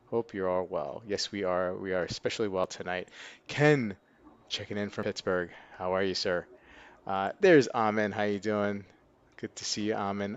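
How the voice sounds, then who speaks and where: Male stream host, casual and upbeat, slightly low voice, muffled lo-fi audio. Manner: upbeat, laughs often, rattles off greetings to chat viewers. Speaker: livestream host. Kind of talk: casual live-stream chat.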